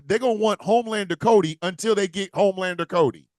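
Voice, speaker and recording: A man's voice: high voice, fast talker, a little mellow, no room sound, clean studio sound. A man co-hosting a casual wrestling podcast, ranting with profanity and slipping into mock voices. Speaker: podcast co-host.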